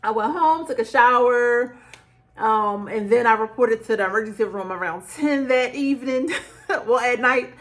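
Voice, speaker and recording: A middle-aged woman telling her own story to camera in a chatty, animated way, full of fillers and acted-out quotes. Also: a little high, moderate pace. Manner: chatty and animated, acts out quoted lines with laughter; conversational, frequent fillers like "like" and "child". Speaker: beauty vlogger.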